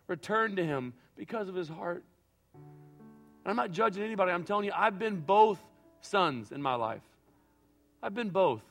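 A pastor with a high voice preaches a sermon that swings between loud, acted-out quotes and quiet, reflective passages.

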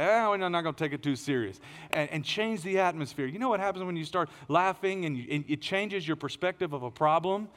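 A middle-aged male pastor delivering a sermon in a church auditorium, his voice sitting a little high for a man. He tells stories with animated energy, jumping into louder, higher bursts. A long hall reverb trails after his words.

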